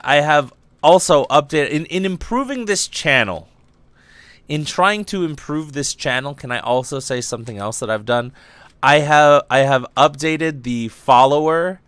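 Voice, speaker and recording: Rambling, giddy young man with a smooth voice. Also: a little high, a bit bright, no room sound. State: lightheaded from chemical fumes. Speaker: podcast host. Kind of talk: casual livestream podcast ramble.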